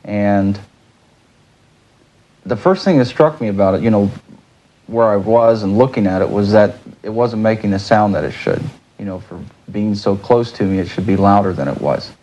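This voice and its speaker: Man interviewee, low dark husky voice, halting casual speech. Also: lo-fi sound. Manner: halting, lots of "you know".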